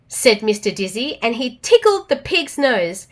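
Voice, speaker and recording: A woman with an Australian accent reading a storybook aloud to children, expressive and animated. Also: fairly high pitch, a little slow, few pauses.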